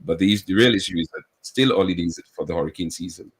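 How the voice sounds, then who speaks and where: A man's voice: deep voice, quick pace, husky, low-quality recording. A man, a government official speaking as a guest on a radio talk show, earnest and explaining at length with many restarts.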